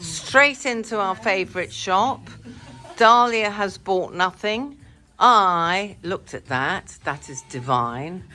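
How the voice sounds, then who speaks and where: A woman's voice: medium pitch, lively intonation, slow, bright, forceful tone, soft background music. An older woman from England in her sixties, chatting to camera while walking down a busy city street, a bit out of breath. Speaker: vlogger. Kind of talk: casual vlog to camera. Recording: street noise behind.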